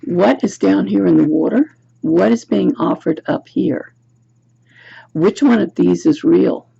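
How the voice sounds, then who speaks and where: A woman's voice: on the low side, a little slow, vocal fry, dark tone, breathy edge, highs cut off. A woman giving a tarot card reading to camera, musing aloud and asking the viewer reflective questions. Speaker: tarot reader. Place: home room, self-recorded video. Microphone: camera's built-in mic.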